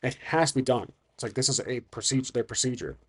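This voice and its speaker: A man's voice: mid-range voice, quick pace, slightly rough. A man narrating a solo tabletop game, thinking aloud and hesitant, with frequent restarts.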